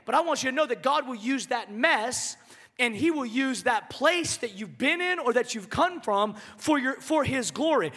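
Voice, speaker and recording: A man preaching a sermon in an animated, joking, conversational manner. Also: very high-pitched, normal speed, long reverb tail. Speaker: pastor.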